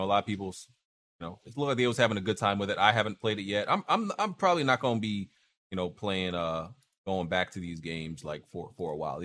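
A man's voice: deep voice, a bit bright. A man co-hosting a casual gaming podcast, talking in a laid-back way with lots of fillers. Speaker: podcast co-host.

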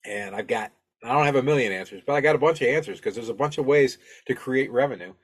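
A man's voice: medium pitch, fast talker, breathy edge. A man hosting a podcast, giving casual advice in a rambling, friendly, self-deprecating way with lots of fillers and restarts, into a podcast microphone. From Alabama, US. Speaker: podcast host.

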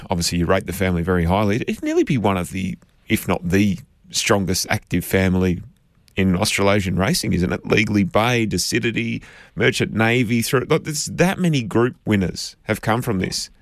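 A man co-hosting a racing radio show, offering relaxed, agreeable analysis. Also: fairly low pitch, a little fast, no room sound, studio quality. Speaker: radio co-host. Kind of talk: racing talk chat.

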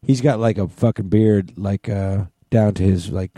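A man's voice: on the low side, moderate pace, mellow, no echo, clean studio sound. A man co-hosting a podcast, chatting casually, agreeing often and telling stories with plenty of swearing. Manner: profane, agreeable, tells stories. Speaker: podcast co-host. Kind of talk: casual ranting chat.

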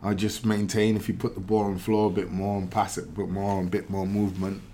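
Low-voiced man giving football opinions. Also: flat delivery, dark tone, slight background noise. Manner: measured, reflective, hesitant fillers. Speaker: pundit, former footballer. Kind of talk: casual podcast chat.

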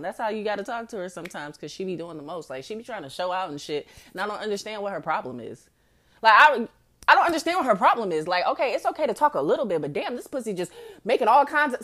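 A woman's voice: mid-range voice, very animated, fast talker, a bit bright. A woman in her forties hosting a podcast, telling a comedic story in a brash, profane way and often laughing mid-sentence. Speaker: podcast host.

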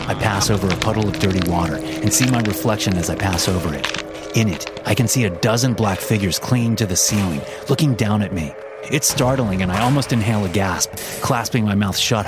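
A man narrating a first-person horror story in a tense, measured way. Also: low voice.

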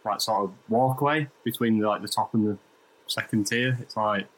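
A man's voice: lowish voice, normal speed, a bit bright, poor audio. A man chatting casually as a podcast co-host, loose and full of fillers. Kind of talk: casual chat.

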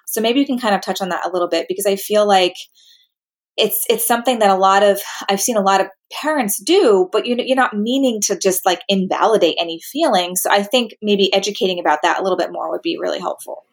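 Chatty woman host, mid-pitched voice. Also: fast. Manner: chatty, filler-heavy, with sighs. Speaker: interview host. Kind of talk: casual interview chat.

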